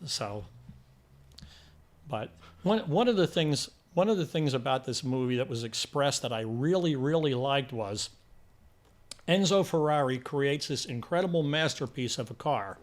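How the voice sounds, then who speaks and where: A man's voice: mid-range voice, a little slow. An older man co-hosting a casual movie review chat, telling stories and acting out quotes with energy. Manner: animated storyteller, acts out quotes.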